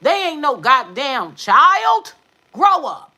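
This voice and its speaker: A woman tarot reader talking to her viewers in a brash, profane, sassy way, with emphatic bursts and quick muttered asides. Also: high voice, very animated, sharp tone, low-quality recording. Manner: emphatic, with sudden drops to mutters. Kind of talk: live tarot reading monologue.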